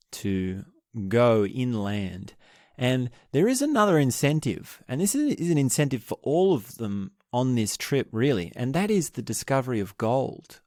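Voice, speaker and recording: A man's voice: medium pitch, expressive, normal speed, dry recording, clean studio sound. A man hosting a book podcast, retelling a historical story in a casual, thinking-aloud way with restarts and asides. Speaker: podcast host.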